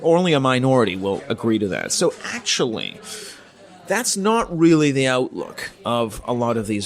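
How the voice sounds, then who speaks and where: A middle-aged man from Canada speaks as a podcast guest, laying out his points patiently like an academic. His pitch sits in an ordinary middle range, and he often pauses with "um" and repeats words as he builds each thought. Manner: measured, explanatory, with frequent ums and restarts. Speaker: guest, politics professor. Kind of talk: podcast interview, academic explanation.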